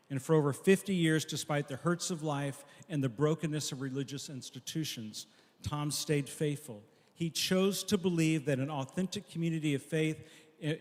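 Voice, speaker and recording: A man preaching a memorial sermon, telling a story earnestly and dropping soft at key lines. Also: fairly high pitch. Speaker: pastor at a memorial service. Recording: long echo of a large hall.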